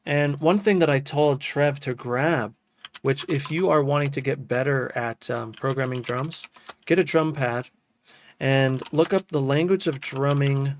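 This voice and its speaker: A man's voice: mid-range voice, measured pace, slight background noise. A man casually chatting to his live-stream chat as a music producer, loose and enthusiastic, dropping "dude" and "bro" often.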